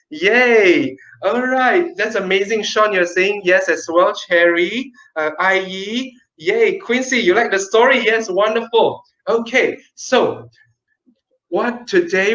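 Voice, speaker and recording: A male teacher leading an online class for children, lively and emphatic, swinging between fast and slow, in a roomy, dull recording. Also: high voice.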